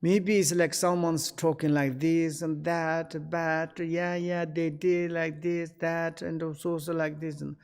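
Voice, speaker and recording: A man with a slightly raised speaking voice teaches the dharma in an online session. His English comes in halting pieces, padded with fillers, and he acts out short snatches of everyday conversation. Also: on the high side, flat delivery, gravelly, smooth. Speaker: Buddhist teacher.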